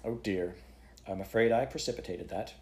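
A man voicing a large, kindly woman magistrate who speaks in a soft, coaxing way. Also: on the low side, normal speed, lightly acted. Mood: flustered.

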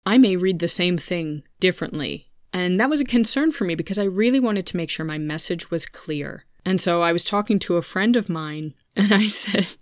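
A woman in her thirties talks openly into a home podcast microphone, chatty and candid, with asides to her listeners. Her voice sits a little low and sounds smooth and resonant. The sound is dry and close, with no room around it. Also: lively intonation, moderate pace, hardly any pauses, dry recording. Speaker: podcast host. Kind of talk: personal podcast monologue. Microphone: studio microphone at a home computer.

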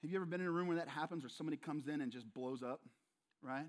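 A man's voice: a little high, racing. A male pastor preaching a sermon, emphatic and repetitive, often speaking straight to his listeners.

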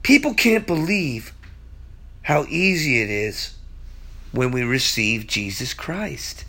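A man's voice: mid-range voice, sing-song, slow pace, pushed and bright. A man preaching on a sermon podcast, teaching verse by verse. He is emphatic, stumbles through restarts and repeats words.

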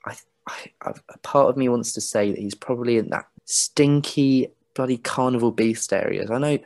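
A man's voice: fairly low pitch, steady tone, normal speed, darkish tone, no echo, natural voice. A man voicing a woman who hosts a carnival ball, rambling and hesitant, fond and fretting over a young boy. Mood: worried.

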